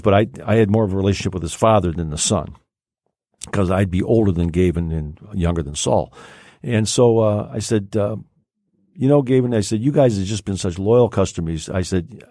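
An older man tells a story in his own rambling way, with plenty of ums and restarts. His voice sits very low and sounds warm and relaxed. The recording is dry and close, with no room sound. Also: dry recording. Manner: rambling, many fillers and restarts. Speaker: podcast guest. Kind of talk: casual storytelling.

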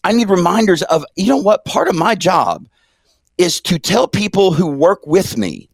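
A middle-aged man co-hosting a casual discussion podcast, talking in an animated, emphatic way. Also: high voice, normal speed, creaky, slightly rough, no room sound. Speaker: podcast co-host.

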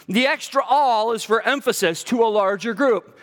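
A high-pitched man preaches in an echoing sanctuary, his words trailing off into a long reverb. He is a middle-aged pastor who pushes his points hard, asks the congregation direct questions and slips in dry jokes. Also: normal speed, hardly any pauses, fairly bright tone. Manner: emphatic preaching with humor, rhetorical questions to the congregation. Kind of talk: sermon. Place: church sanctuary.

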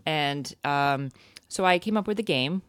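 A woman's voice: low-pitched, unhurried, clear, resonant tone, no echo, studio quality. A woman co-hosting a casual chat, playful and laughing often as she quizzes her partner. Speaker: podcast co-host.

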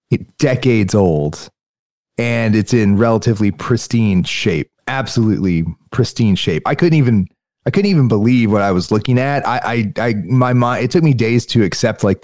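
Low-voiced man in casual podcast chat. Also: expressive, darkish tone, dry recording, clean studio sound. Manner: drawn-out, wondering, full of fillers. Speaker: podcast co-host.

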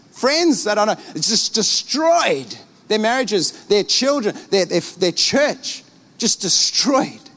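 A middle-aged man preaching as a pastor, animated and acting out little scenes. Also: high-pitched. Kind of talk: sermon.

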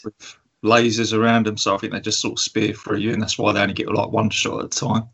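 A man's voice: lowish voice, little pitch movement, fast talker, vocal fry, fairly bright tone, breathy edge. A man co-hosting a film review podcast, talking casually and rambling with lots of ums. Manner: rambling, hesitant, many ums and laughs. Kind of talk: casual chat.

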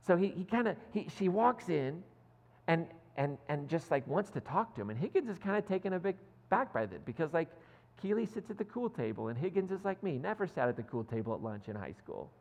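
Male pastor, chatty, self-deprecating storyteller, slightly higher voice, echoing sanctuary. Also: very animated, a little fast, gravelly, a little mellow. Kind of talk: sermon. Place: church sanctuary. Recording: long hall reverb.

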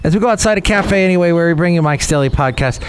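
A man's voice: on the high side, fast talker, slight background noise. A man hosting a podcast in casual, meandering chat, often correcting himself as he goes. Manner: meandering, self-correcting, chatty. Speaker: podcast host.

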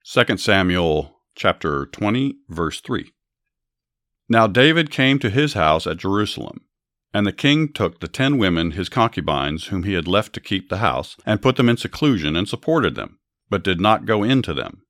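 Deep male podcast host, earnest scripted Bible narration, dry close mic. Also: sing-song, normal speed, fairly bright tone, no room sound.

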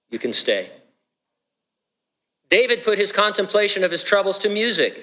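A middle-aged male pastor preaches in a relaxed, chatty way, tossing jokes and questions to his congregation. His voice sits a little high for a man. A long reverb from the church hall trails behind his words. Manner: conversational, joking asides to the congregation. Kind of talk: sermon.

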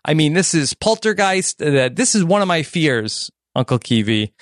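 A man's voice: fairly high pitch, very animated, moderate pace, no room sound, studio quality. A man co-hosting a podcast, casually recapping a movie and acting out the characters' lines as he goes. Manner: storytelling, acts out characters' lines. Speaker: podcast co-host.

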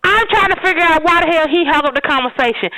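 A drunk woman co-hosting a podcast, ranting loudly and profanely with mock indignation. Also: high-pitched, fast, dry recording, rough recording. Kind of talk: casual podcast banter.

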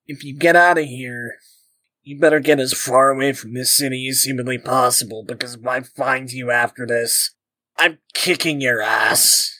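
A man's voice: medium pitch, steady tone, moderate pace, pushed and bright, poor audio. A man playing in a tabletop game who talks brashly and swears a lot in character. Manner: brash and profane, playing a threatening brawler. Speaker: tabletop player.

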